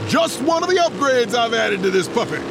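A boastful biker with a very high voice. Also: male voice, sing-song, fairly quick, background noise, full character voice. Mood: proud. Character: proud male biker showing off his motorcycle.

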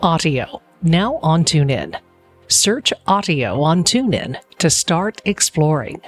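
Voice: mid-range voice, big pitch swings, slow, soft background music. A narrator reading an audio-app ad in an inviting, storytelling tone. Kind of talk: scripted ad voice-over.

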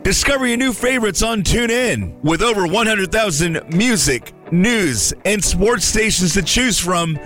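A man's voice: high voice, lively intonation, a little slow, hardly any pauses, a bit bright, soft background music. A man reading an upbeat, promotional radio ad script. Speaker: announcer. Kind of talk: scripted ad read.

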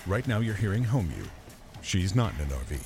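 A man's voice: sits low, very animated, brisk. A man narrating a scripted ad in a wry, playful tone. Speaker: announcer. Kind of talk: scripted ad voice-over.

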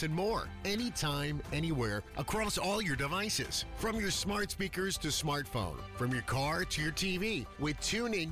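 A man reading an upbeat app promo voice-over, listing its features. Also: on the high side. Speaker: promo announcer. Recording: voice-over with music bed.

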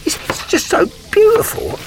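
A man's voice: moderate pace, background noise. A man playing an earnest spokesman in a comedic scripted ad, talking in an emotional way. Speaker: insurance company spokesperson in an ad.

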